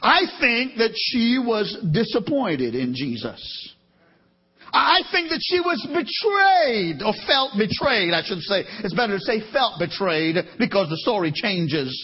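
A man preaching a sermon dramatically, rising to loud emphatic peaks and dropping to soft asides, often repeating and correcting himself. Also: high-pitched, big pitch swings, a little slow, husky. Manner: repeats words and corrects himself mid-sentence. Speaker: pastor. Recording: dull lo-fi recording.

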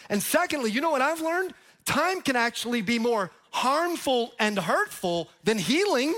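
High-voiced, emphatic male preacher. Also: big pitch swings, normal speed. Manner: emphatic, with sudden loud rises and drops; jokes with the crowd. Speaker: pastor. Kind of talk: sermon.

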